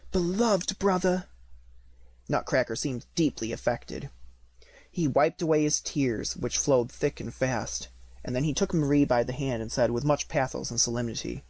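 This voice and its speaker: A man narrating an audiobook of a classic fairy tale at a steady, measured pace. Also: mid-range voice, no room sound. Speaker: audiobook reader. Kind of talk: storybook narration.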